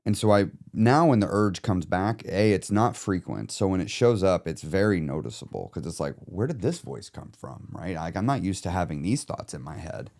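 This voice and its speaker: A man's voice: sits low, moderate pace, gravelly, hardly any pauses, a little mellow. A man who coaches clients through emotional eating, talking candidly and reflectively in a casual podcast chat, now and then swearing.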